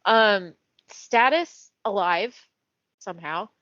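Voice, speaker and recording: A woman's voice: medium pitch, lively intonation, takes it slowly, a bit bright, dry recording. A woman hosting a casual podcast, reading a character profile aloud with laughing asides. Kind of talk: casual chat. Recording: dull, dry podcast audio.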